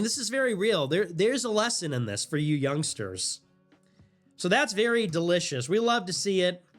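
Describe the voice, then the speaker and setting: A young man in his twenties with a high voice rants on his livestream, fast and animated, often breaking into laughs. Faint music plays behind him. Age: 20s. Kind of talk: casual stream rant.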